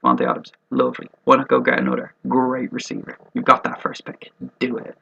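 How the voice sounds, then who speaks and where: The host of a fantasy football mock draft video gives casual commentary that is joking, rambling, and profane. His medium-pitched voice is sing-song, a little fast, gravelly, pushed and bright, and slightly rough, captured on a dull lo-fi recording.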